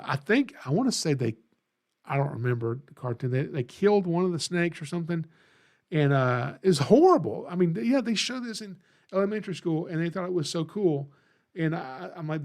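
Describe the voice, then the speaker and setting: Animated man hosting a casual podcast. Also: on the high side. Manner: animated, rambling storytelling with many restarts. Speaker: podcast host. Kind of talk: casual livestream podcast chat.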